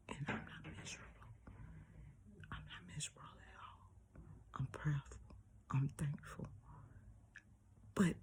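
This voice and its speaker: An older grandmother talking casually to her viewers, often dropping to a breathy near-whisper and repeating words for emphasis. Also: low voice, dark tone. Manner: preachy, repeats phrases for emphasis. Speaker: vlogger. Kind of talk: casual personal monologue.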